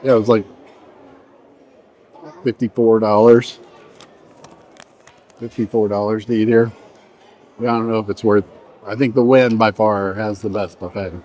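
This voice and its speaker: Chatty man tasting food, lowish voice. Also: little pitch movement, a little slow, long pauses, dark tone, muffled recording, some chatter behind. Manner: chatty, rambling, trails off mid-sentence while eating. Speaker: vlogger reviewing a buffet. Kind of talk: casual food-tasting vlog. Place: indoor buffet restaurant.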